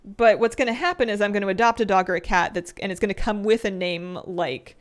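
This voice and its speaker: A young woman streamer talks casually while she plays, rambling from one thought to the next. She laughs easily and often drops into soft, half-mumbled asides. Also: medium pitch, fairly quick. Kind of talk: casual chat while gaming.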